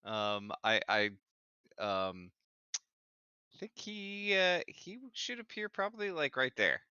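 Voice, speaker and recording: A man's voice: medium pitch, very animated, takes it slowly, sharp tone, clear, resonant tone, dry recording, lo-fi sound. A man playing in a tabletop game, speaking hesitantly and stumbling over words with lots of "uh" and "um". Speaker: player. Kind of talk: casual tabletop game talk.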